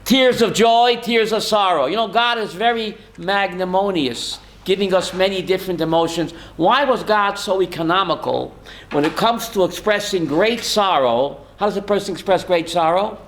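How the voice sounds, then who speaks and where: A man's voice: high-pitched, normal speed, slight background noise. An older man, a rabbi, giving a holiday sermon who puts questions to the congregation and answers them himself, telling stories with emphatic swings. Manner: storytelling, swings from soft to emphatic.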